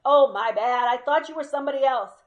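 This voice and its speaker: A woman's voice: medium pitch, moderate pace, dull audio, close to an everyday voice. A woman voicing a burly young male ex-con who talks in street slang with Spanish words mixed in. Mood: loud boisterous.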